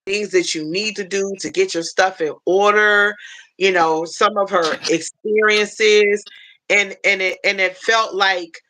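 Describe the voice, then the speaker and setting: A woman's voice: medium pitch, fairly even intonation, unhurried, pushed and bright. A woman hosting a casual livestream chat, rambling and restarting often, heartfelt and openly emotional. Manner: chatty, rambling with many restarts. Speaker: livestream host.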